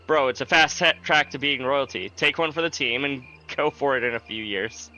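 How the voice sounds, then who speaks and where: A man streaming a game, chatting casually with viewers in a joking, sarcastic way with drawn-out asides. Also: mid-range voice, bright, forceful tone, a little hiss or hum, rough recording. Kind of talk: casual livestream gameplay chat.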